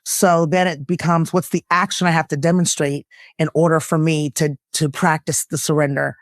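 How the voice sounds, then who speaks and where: A woman guest, an actress and lifestyle coach, speaking earnestly and reflectively in a candid conversation, her voice jumping up when she laughs or gets excited. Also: moderate pace, dry recording, clean studio sound. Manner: earnest and reflective, with bursts of laughter and pitch jumps.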